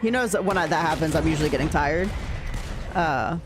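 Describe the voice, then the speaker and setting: A woman's voice: sits low, lively intonation, brisk, music in the background. A woman chatting casually with her viewers while playing a game, laughing often as she talks. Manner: chatty, laughs often, reads and answers chat. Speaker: game streamer. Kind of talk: casual chat while gaming.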